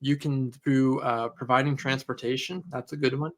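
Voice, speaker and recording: A man co-hosting a casual podcast, telling lively stories and acting out customer conversations. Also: mid-range voice, normal speed. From Canada. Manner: animated storyteller, acts out customer dialogue. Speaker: podcast co-host, auto detailer.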